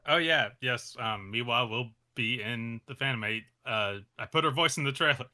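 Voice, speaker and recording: A man with a sharp, bright voice answers interview questions in a loose, casual way. He hesitates often, fills gaps with "um" and "uh," and laughs softly between thoughts. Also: medium pitch, moderate pace, slight background noise. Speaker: animation creator, interview guest.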